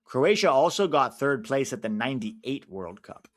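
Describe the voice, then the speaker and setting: An American man commenting casually on a live football match for his stream viewers, reacting loudly to big moments. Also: mid-range voice, very animated, normal speed. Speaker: watch-along streamer.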